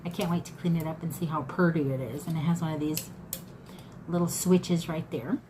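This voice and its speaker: A woman's voice: low voice, fairly even intonation, a little fast, mellow, a little hiss or hum, rough recording. A woman in her fifties chatting casually to viewers about her thrift haul, folksy and talkative. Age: 50s. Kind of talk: casual haul chat to camera.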